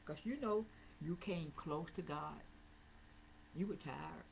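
A woman pastor preaching a sermon in a church, rising into sing-song repeated calls and dropping low to talk plainly with the congregation. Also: slow pace, creaky, a little mellow, slight background noise, poor audio. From Southern United States. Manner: preaching with swelling, sing-song emphasis and repetition. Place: church sanctuary, also streamed online.

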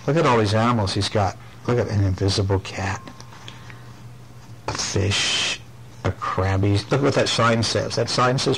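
A father reading a picture book aloud to his child at home, playful and animated, with chatty asides. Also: fairly low pitch, a little slow, vocal fry, slight background noise, poor audio. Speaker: father reading a bedtime story.

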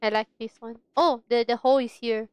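A woman's voice: fairly high pitch, fairly even intonation, brisk, clear, resonant tone, no room sound. Giggly young woman gaming streamer. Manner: giggly, playful, mixes in Chinese words. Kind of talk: casual gaming chat.

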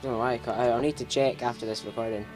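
A man's voice: medium pitch, fairly even intonation, rapid-fire, over music. A young Scottish man giving casual, rambling commentary on a video game, self-mocking, laughing often and swearing freely. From Scotland. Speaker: let's play host.

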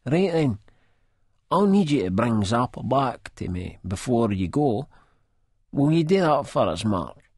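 A man's voice: mid-range voice, very animated, measured pace, darkish tone, breathy edge, dry recording, clean studio sound, voice pushed up, heavily acted. A man doing a meek, muffled Scottish junkie. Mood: eager, plaintive. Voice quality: small, muffled voice. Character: meek battered Scottish man, eager and hopeful.

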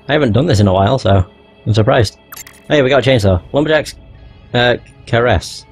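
A man's voice: medium pitch, a little fast, breathy edge. A man giving casual commentary over a video game, chatty and joking, with a mid-range voice. Game music plays faintly behind him. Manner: chatty, jokey, swears. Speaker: gamer.

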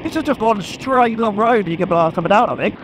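A man chatting excitedly to a helmet camera while riding a motorbike, laughing often. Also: sits high, a little fast, slight background noise, rough recording. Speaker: motorcycle vlogger. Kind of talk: casual chat while riding. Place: on a motorbike on open country roads. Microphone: helmet-mounted action camera.

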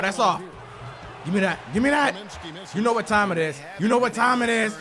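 A young man giving loud gameplay commentary, hyped and ranting, trash-talking the opponent as he plays. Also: high-pitched, brisk, long pauses, a crowd in the background. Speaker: gaming YouTuber. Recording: game music playing behind.

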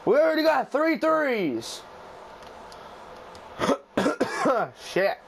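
A young man commentating his own basketball video game play, swearing a lot, shouting when shots go in and muttering low between them. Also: big pitch swings, slow, slight background noise. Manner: loud, profane, hyped shouting at plays, then low muttering. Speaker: gaming YouTuber. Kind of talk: excited gameplay commentary.

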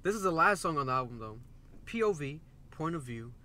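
Bright, lively, playful young man. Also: fairly high pitch, brisk. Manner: playful, joking, excitable. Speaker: music reaction co-host. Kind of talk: casual chat.

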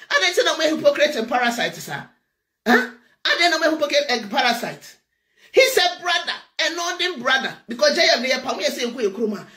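A Ghanaian woman with a Ghanaian accent, a preacher, delivering a loud, teasing political rant with frequent laughter. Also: a little high. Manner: loud, teasing, laughing, switches between Twi and English.

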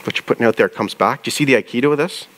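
A man who pastors a church, preaching a conversational sermon, often asking his listeners questions and reading scripture aloud slowly. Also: mid-range voice, fairly bright tone, slight background noise.

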